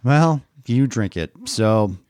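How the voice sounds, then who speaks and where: A man's voice: mid-range voice, lively intonation, slow pace, darkish tone, clear, resonant tone. A middle-aged man and father hosting a casual family podcast, teasing and rambling with restarts into a podcast microphone.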